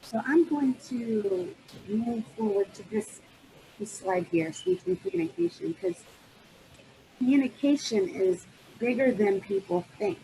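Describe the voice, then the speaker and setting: A woman hosting and moderating a web-series talk, walking through slides at a steady pace. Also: on the high side, a little slow, gravelly, slight background noise, poor audio. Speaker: host and moderator.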